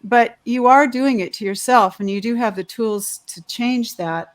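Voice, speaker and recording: A woman's voice: a little high, measured pace. Rambling, heartfelt woman on a video call. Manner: rambling and heartfelt, with frequent restarts. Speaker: panelist. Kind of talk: candid personal sharing.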